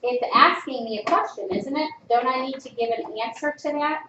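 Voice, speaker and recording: A woman teaching a classroom phonics lesson, drawing out sounds and giving clear prompts to the class. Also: sits high, fairly quick. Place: school classroom. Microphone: distant camera mic. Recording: echoey classroom, distant, dull, noisy. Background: classroom noise.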